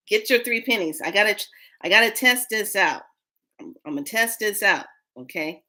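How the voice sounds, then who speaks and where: A woman's voice: mid-range voice, moderate pace. Playful laughing woman in her fifties. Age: 50s. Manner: playful, laughs often, animated. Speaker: spiritual livestream host. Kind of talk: casual storytelling to a live audience.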